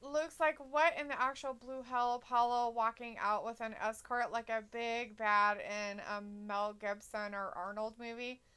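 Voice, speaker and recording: A woman's voice: on the high side, steady tone, measured pace, few pauses, fairly bright tone, clean tone. A woman co-hosting a casual wrestling live stream, reading viewer comments aloud and reacting bluntly with plenty of swearing. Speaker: co-host reading chat.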